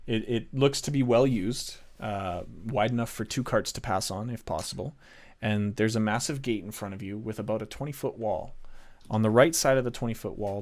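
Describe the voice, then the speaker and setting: A man's voice: fairly low pitch, darkish tone. A man narrating a tabletop game as game master, casual and rambling.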